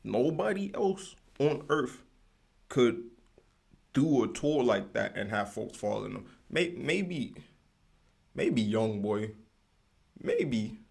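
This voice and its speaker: A man's voice: mid-range voice, sing-song, slow, gravelly, pauses often, darkish tone, breathy edge. A young man from the United States hosting his own podcast, rambling in loose, slangy casual talk and drifting off topic often. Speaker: podcast host. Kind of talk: casual solo ranting.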